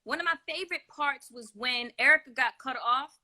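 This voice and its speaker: A woman chats as a guest over a video call, relaxed and candid, laughing often between her stories. Her voice sits high and sounds very bright and sharp. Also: a little fast. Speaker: guest singer. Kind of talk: casual interview chat.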